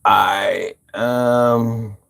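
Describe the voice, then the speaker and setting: A man's voice: fairly low pitch, steady tone, very slow, creaky, a bit bright. A man hosting a livestream podcast, chatting casually and reading viewer comments with loose, profane banter.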